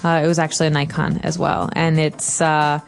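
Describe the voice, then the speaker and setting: A woman's voice: low voice, little pitch movement, a little fast, vocal fry, soft background music. A woman co-hosting an English lesson podcast, patiently explaining phrases with examples. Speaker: co-host, English teacher. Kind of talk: explaining vocabulary.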